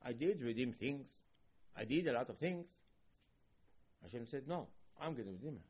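A man preaching a sermon, his voice jumping loud and high when he acts out quoted questions. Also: expressive, moderate pace, breathy edge. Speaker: rabbi.

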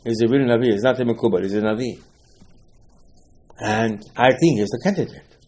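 A man's voice: mid-range voice, brisk, a little mellow. A man delivers a Torah class as a dramatic sermon, with a mid-range voice. He retells the stories with conversational gusto, acting out the characters' lines. His delivery swings from soaring exclamations to near-whispered asides. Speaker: rabbi giving a Torah class. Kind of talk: animated Torah sermon with storytelling.

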